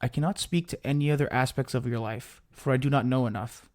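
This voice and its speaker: A man's voice: mid-range voice, fairly even intonation, quick pace, darkish tone, lightly acted. A man voicing a formal, precise traveller who questions a stranger in a story. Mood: probing.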